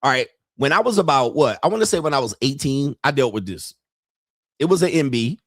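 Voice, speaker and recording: A male livestream host in a crude comedic rant, animated and acting out the people he talks about. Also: mid-range voice, brisk, no echo, studio quality.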